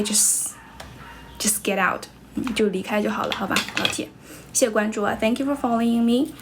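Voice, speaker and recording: A young Chinese woman with a Chinese accent and a fairly high voice livestreams as an English teacher, with slight background noise. She chats casually, answers viewer comments, switches between English and Chinese, and is blunt with rude viewers.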